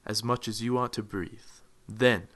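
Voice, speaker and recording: Man playing a low-key matter-of-fact gaming mentor, lower voice, story skit. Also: steady tone, a little slow, fairly bright tone. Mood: calm. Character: calm male gaming mentor.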